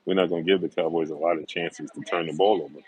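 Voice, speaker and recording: A man's voice: deep voice, steady tone, quick pace, a little mellow, slightly rough, poor audio. A middle-aged man hosting a sports livestream, greeting viewers by name and making confident, emphatic predictions, repeating himself for stress. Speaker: sports talk show host.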